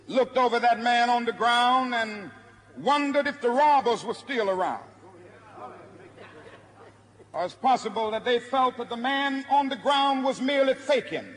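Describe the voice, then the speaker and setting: A man's voice: extremely high pitch, a bit bright. A man preaching with a rhythmic, repeating cadence in an old sermon recording. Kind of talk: archival sermon oration. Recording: long hall reverb.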